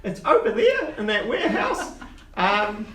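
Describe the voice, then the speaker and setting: High fluttery voice, old male gnome, excitable, a man doing it, roomy distant recording with background noise. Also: unhurried, exaggerated voice. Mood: eager.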